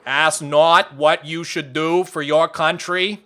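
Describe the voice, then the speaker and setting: A man's voice: a little high, fairly even intonation, rapid-fire, pushed and bright. A man doing a stately old-time politician. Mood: solemn. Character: stately old-time male politician with an odd formal accent.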